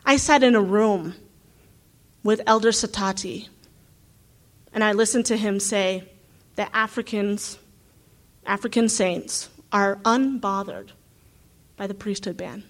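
A woman's voice: medium pitch, slow pace, pauses often. A woman, a graduate student from the United States, talking earnestly and thinking aloud with frequent asides. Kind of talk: reflective talk.

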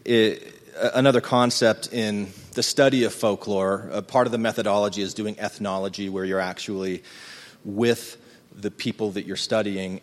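A middle-aged man with a lowish voice tells a personal story to a live audience. He speaks in an earnest, halting way and thinks aloud as he goes. His voice rings with the long reverb of a large hall. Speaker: speaker recounting his folklore research.

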